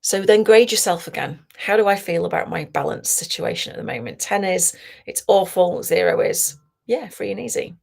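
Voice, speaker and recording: A woman coach leading a guided tapping session, talking slowly and soothingly and often dropping to a whisper. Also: mid-range voice, vocal fry. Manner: slow, soothing, softly guiding with whispered phrases.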